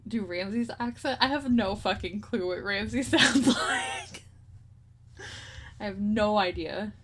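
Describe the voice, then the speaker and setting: A woman's voice: on the high side, fairly bright tone. A young woman streaming a game, chatting casually, giggling often and swearing freely.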